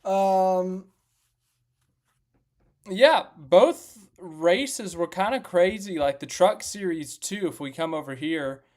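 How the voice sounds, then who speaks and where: A man's voice: high-pitched, expressive, slow, a little mellow. A young man hosting a casual live stream, chatting and joking as he recaps racing and greets viewers by name. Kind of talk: casual motorsport recap chat.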